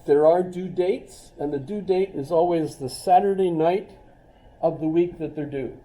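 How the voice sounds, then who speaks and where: A man's voice: fairly high pitch, measured pace, warm tone. A middle-aged man, a college philosophy instructor, giving a casual classroom lecture, chatty and rambling with joking asides. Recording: roomy classroom from a distance.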